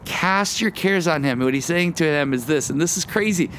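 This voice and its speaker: A man's voice: a little high, moderate pace, a bit bright. Male pastor, earnest outdoor sermon, stumbles and repeats, faint wind noise in the background. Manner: earnest, repeats words, quotes in character voices.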